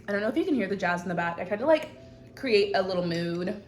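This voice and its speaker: A woman's voice: medium pitch, expressive, quick pace, a little hiss or hum. A woman hosting her own show, giving frank, profane advice in casual chat to camera from a hot indoor room. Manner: blunt and profane, frank girlfriend-to-girlfriend talk. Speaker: host.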